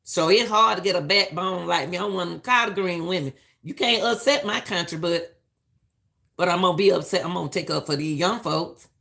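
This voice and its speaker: A woman's voice: lowish voice, a little fast, creaky, fairly bright tone. A middle-aged woman giving emphatic, preachy live-stream commentary and repeating lines for stress.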